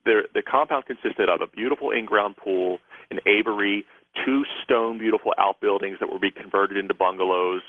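A man's voice: fairly low pitch, fairly quick, no room sound. A man, a guest author and psychic, telling a rambling story with many restarts during a radio interview. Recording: tinny phone line.

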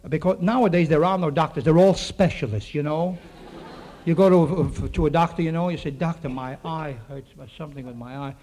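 A man telling a rambling comic story to a live audience, full of quick punchlines and asides to the crowd. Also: fairly high pitch, a little mellow.

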